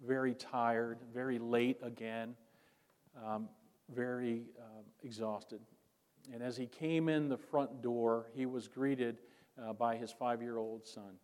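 Preacher man, mellow voice, long hall reverb. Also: mid-range voice. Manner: prayerful, then storytelling with acted-out dialogue. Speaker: pastor. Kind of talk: sermon.

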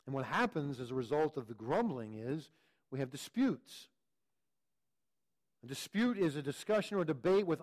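Brief: male pastor, sermon delivery, somewhat high-pitched, earnest, self-correcting repeats. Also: a little mellow. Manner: earnest teaching tone with frequent repeated words and restarts.

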